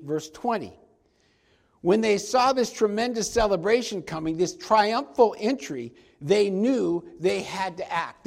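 Man, high voice, pastor, sermon, emphatic, stretches out key words. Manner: emphatic preaching, slows for key points.

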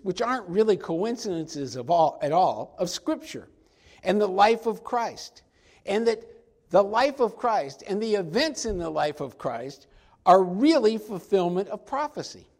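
A male pastor preaching a sermon, emphatic and slowing down to stress key points. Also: high-pitched, darkish tone.

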